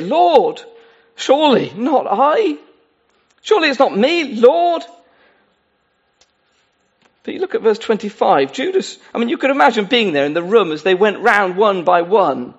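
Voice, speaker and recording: A man's voice: sits high, big pitch swings, brisk, slightly rough, highs cut off. A man preaching a sermon in an earnest, pleading way, addressing his listeners directly. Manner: earnest, pleading, with many asides.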